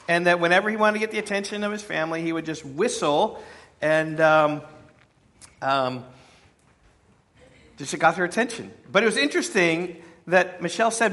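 A man's voice: a little high, animated, moderate pace, bright, forceful tone. A man, the pastor, preaching a conversational sermon with friendly asides to his congregation.

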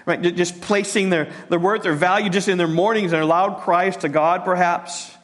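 A man preaching a sermon as a pastor, halting and repeating words, sinking to a soft hush on tender points. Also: sits high, steady tone.

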